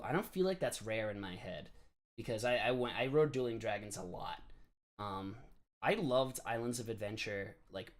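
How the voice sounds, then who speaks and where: A young man in his late twenties, originally from the New York area, hosts a casual live stream from his desk. His talk rambles and is packed with filler words and quick laughs, in an ordinary mid-range voice. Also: medium pitch. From New York area, USA. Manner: chatty, filler-heavy, laughing often. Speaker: live streamer answering chat.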